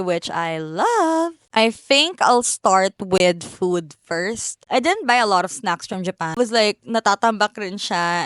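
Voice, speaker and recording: A woman's voice: medium pitch, a bit bright, clean tone, dry recording, clean studio sound. A young woman with a Filipino accent, a vlogger chatting in a bubbly, gushing way. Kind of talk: casual haul vlog.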